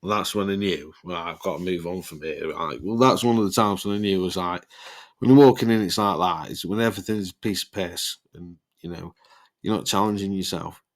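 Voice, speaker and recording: A man's voice: deep voice, brisk. A man, telling rambling podcast stories full of swearing and laughter. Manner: rambling, swears a lot, laughs mid-sentence. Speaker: podcast host. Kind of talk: casual storytelling.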